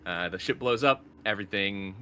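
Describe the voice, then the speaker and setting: A man's voice: on the low side, normal speed, pushed and bright, slight background noise. A man running a tabletop game as game master, explaining rules loosely with frequent fillers.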